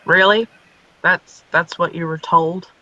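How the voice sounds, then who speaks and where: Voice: mid-range voice, steady tone, slow pace, sharp tone, lo-fi sound. A player voicing a frank young female vampire who owns a gym. She speaks casually and skeptically in a tabletop role-play. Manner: casual, frank, talks in restarts. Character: blunt young woman vampire, gym owner.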